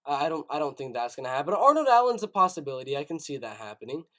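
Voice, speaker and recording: A man's voice: on the high side, sing-song, racing, pushed and bright. A young man hosting a live stream, thinking aloud and often repeating himself as he stammers through ideas. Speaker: host.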